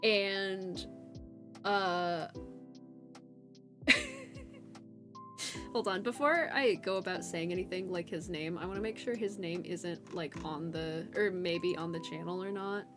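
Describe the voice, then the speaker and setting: A young woman streamer chatting casually with her viewers and telling a story. She is animated and laughs often, jumping from loud bursts to mumbled asides. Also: on the low side, takes it slowly, long pauses. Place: home streaming setup. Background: faint background music.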